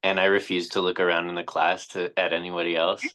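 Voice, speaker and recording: A man in yoga teacher training talks a partner through poses. He hesitates, fills gaps with "um" and fixes his own cues midway. His voice is fairly low. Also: little pitch movement, fast, bright, forceful tone. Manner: hesitant, many fillers, corrects himself mid-cue. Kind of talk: cueing yoga poses, then casual chat.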